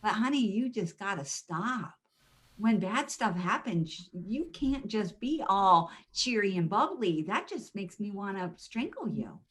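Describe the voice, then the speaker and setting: A woman voicing her exasperated husband, a middle-aged man, in a flat, patient, quietly fed-up way. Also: high voice, a little slow, full character voice. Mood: weary.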